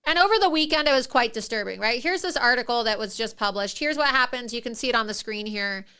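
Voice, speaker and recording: A woman's voice: fairly high pitch, fast, sharp tone, clean tone. A woman hosting a political talk show, ranting with indignation and laughing mid-sentence. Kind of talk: opinionated political commentary.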